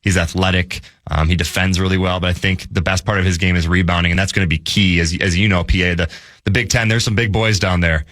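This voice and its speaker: A man's voice: low-pitched, fairly even intonation, fast talker, fairly bright tone, dry recording, clean studio sound. A young man, talking sports on the radio in an earnest way, with many restarts and fillers. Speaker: sports radio guest analyst. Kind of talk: casual sports talk. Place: radio studio. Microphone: studio mic.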